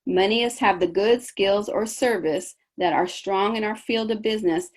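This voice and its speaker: A woman's voice: mid-range voice, moderate pace. A woman coaching business owners in a conversational session, often checking in with "right?".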